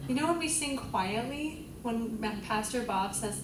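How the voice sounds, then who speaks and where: A woman's voice: on the high side, unhurried, background noise. A woman vocal coach leading a group singing class, encouraging the students and singing vowels to demonstrate. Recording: roomy, distant mic, loud music.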